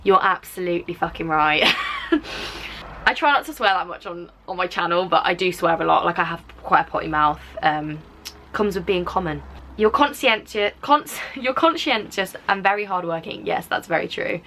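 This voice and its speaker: Teen female YouTuber, English, softened Black Country accent, casual and filler-heavy, bright tone. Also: lowish voice, big pitch swings, moderate pace, slight background noise. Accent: softened English, drifting toward Black Country. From Black Country, England. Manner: chatty, rambling, frequent "like" fillers. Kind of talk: casual reaction chat to camera.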